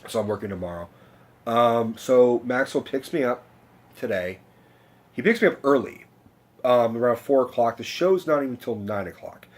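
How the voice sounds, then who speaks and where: A young man talks straight to his vlog audience in a loose, rambling way. He swears freely, trips over his own sentences and restarts them, and his voice sits at an ordinary middle pitch. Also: lively intonation, moderate pace. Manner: rambling, profane, self-interrupting. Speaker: vlogger.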